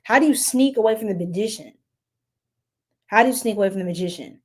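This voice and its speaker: A woman's voice: mid-range voice, lively intonation, fast, a little mellow. A young woman giving a casual live tarot reading, chatty and giggly, talking to viewers in the chat. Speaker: tarot reader.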